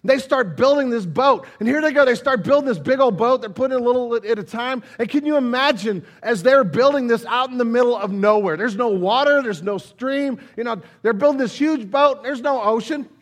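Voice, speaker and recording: High-voiced man preaching conversationally. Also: a little fast, few pauses. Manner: conversational, animated, many asides. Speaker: pastor. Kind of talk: sermon, Bible reading and storytelling.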